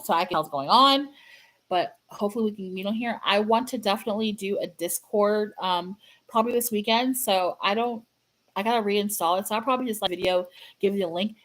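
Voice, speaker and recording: A woman hosting her own fan channel, chatting casually and sadly to viewers, halting and repeating herself with many fillers. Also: medium pitch, sharp tone, low-quality recording. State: sad, grieving. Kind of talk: casual livestream chat to viewers.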